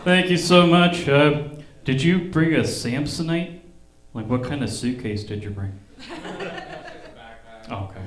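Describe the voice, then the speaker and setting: A man's voice: on the high side, a little slow, long pauses, background noise. A man doing stand-up at a comedy club, with dry observational jokes. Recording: roomy club sound, live stage mic.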